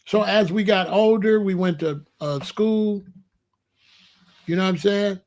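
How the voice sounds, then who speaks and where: A show host in his late sixties tells family stories with plenty of slang, sounding casual, streetwise and boastful. His voice is high-pitched and darkish, with fairly even intonation and an unhurried delivery in this storytelling monologue.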